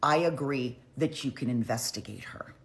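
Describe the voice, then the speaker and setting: A woman voicing a blunt, irritable ailing old king who talks in a gruff, offhand way. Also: sits low, animated, quick pace.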